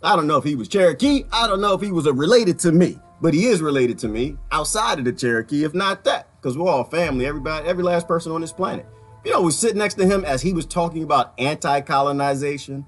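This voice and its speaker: A man talking casually to his viewers about politics, animated, often breaking into laughter and repeating his phrases. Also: on the high side, fast talker, soft background music. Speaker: vlogger.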